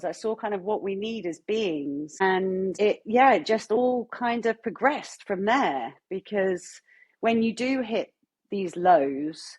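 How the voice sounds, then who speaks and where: A woman, telling her own story as an interview guest in an earnest, animated way. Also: mid-range voice, breathy edge. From London, England. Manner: earnest, animated storytelling with quoted self-talk. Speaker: guest artist. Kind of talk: candid interview chat.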